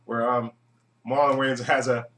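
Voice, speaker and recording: A man's voice: medium pitch, little pitch movement, unhurried, fairly bright tone, slight background noise. Man rambling and chuckling in an echoey room. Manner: rambling, chuckling often, many fillers. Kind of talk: casual movie review monologue.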